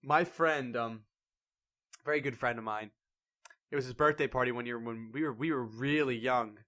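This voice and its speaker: A young man co-hosting a podcast in casual chat, animated and acting out quoted voices as he tells stories. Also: mid-range voice, moderate pace. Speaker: podcast co-host.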